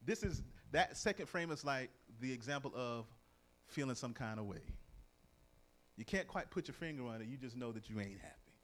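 A middle-aged man preaching a sermon in a lively, conversational way, reading verses and telling stories. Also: mid-range voice, moderate pace. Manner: lively, conversational, acts out quoted voices.

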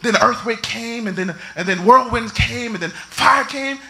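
High bright preacher guy, shouts then drops way down soft. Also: normal speed. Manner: preaching with shouts and sudden drops to near whispers. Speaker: pastor. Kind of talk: sermon.

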